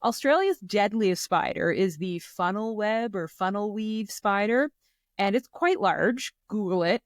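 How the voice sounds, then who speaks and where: A young woman from Canada co-hosting a podcast in casual, animated, joking chat full of fillers. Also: mid-range voice, unhurried, dry recording, studio quality. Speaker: podcast co-host.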